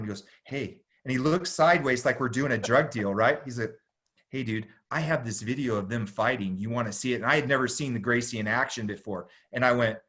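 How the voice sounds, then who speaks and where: A middle-aged man, a podcast guest, telling a long story in a casual, animated way, full of slang and "dude". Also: mid-range voice. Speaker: podcast guest, jiu-jitsu instructor.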